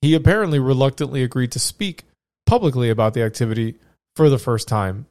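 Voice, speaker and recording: A man who is sick hosts a laid-back podcast, joking and rambling as he reads through his notes. His voice sits at an ordinary middle pitch. It is recorded dry and close, with little room sound. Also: fast, a little mellow, no room sound. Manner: joking, rambling, self-interrupting. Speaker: podcast host. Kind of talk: casual podcast chat and reading research.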